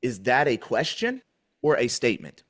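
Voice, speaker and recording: A man's voice: medium pitch, sing-song, moderate pace, a bit bright. A man questioning an officer in a deposition, pointed and pressing, repeating his questions.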